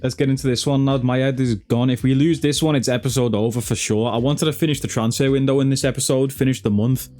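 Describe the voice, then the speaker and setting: A man's voice: medium pitch, steady tone, fast talker, hardly any pauses, warm tone, faint music behind. A man giving casual, chatty commentary over his own football video game, swearing and calling viewers lad and bro. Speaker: gaming YouTuber.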